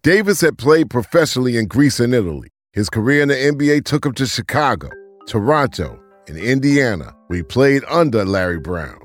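A man giving scripted documentary narration in a measured, even delivery. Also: medium pitch, faint music behind. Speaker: podcast narrator.

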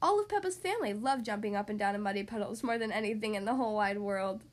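A woman hosting a podcast, reading a children's story aloud in a cheerful, expressive way. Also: mid-range voice, quick pace.

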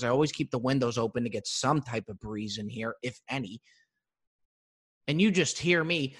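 A man hosting a podcast, telling comic stories from his living room with swearing and mimicry. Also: medium pitch. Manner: animated storytelling with profanity and mimicry. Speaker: podcast host. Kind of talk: comedic monologue. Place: living room with open windows.

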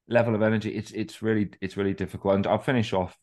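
Low-voiced Englishman rambling candidly. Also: fairly even intonation, fast talker, a little mellow. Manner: candid, rambling, profane storytelling with restarts. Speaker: podcast co-host. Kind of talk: casual podcast chat.

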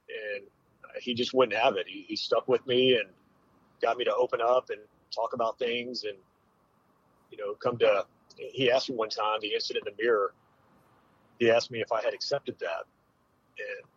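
A man in his forties, a military veteran, telling a hard personal story with candid, halting speech and many fillers. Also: medium pitch, a bit bright, breathy edge, no room sound, muffled recording. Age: 40s.

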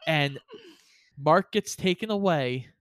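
A man co-hosting a casual podcast, summarizing a movie's plot in a measured, plain way. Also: on the high side, expressive, no echo. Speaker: podcast co-host. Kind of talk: casual chat recapping a movie.

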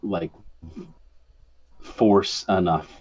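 A man with a deep, husky voice speaks slowly and haltingly, hushed almost to a whisper as he plays his character. The sound is dull and lo-fi. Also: fairly even intonation. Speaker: player. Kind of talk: tabletop role-play.

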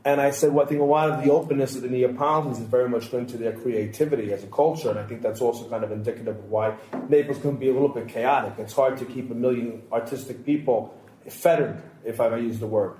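A man co-hosting a casual podcast roundtable delivers long stories full of quoted dialogue. His voice is mid-range and dark, at a quick pace. The audio carries a roomy echo with faint background hiss.

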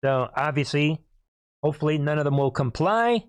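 A hoarse man hosting a political commentary monologue, emphatic, repeatedly clearing his throat and calling out to listeners as "people". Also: a little high, animated, normal speed, no room sound. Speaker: host.

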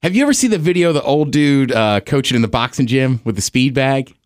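A man's voice: mid-range voice, expressive, fast talker, dry recording, studio quality. A man co-hosting a casual podcast, giving easygoing encouragement and chiming in with short quips. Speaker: podcast co-host. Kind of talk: casual chat.

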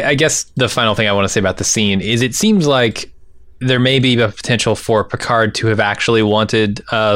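A man co-hosting a podcast, talking in a measured, thoughtful way. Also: lowish voice, fairly bright tone, dry recording, clean studio sound. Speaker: podcast co-host. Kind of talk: casual podcast chat.

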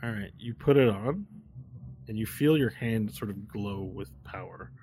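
A man with a fairly low voice serves as game master, describing scenes for the players. He narrates in a loose, casual way, with fillers along the way. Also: measured pace, warm tone.

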